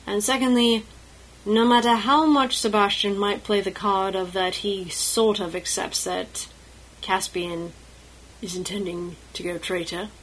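A woman narrating a fantasy story in a measured, thoughtful way with occasional restarts. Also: medium pitch, fairly even intonation, a bit bright, a little hiss or hum, poor audio.

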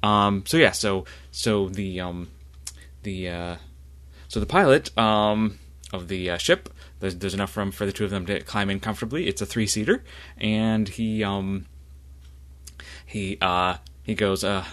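A man narrating a tabletop game as game master, halting and full of fillers. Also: lowish voice, fairly bright tone.

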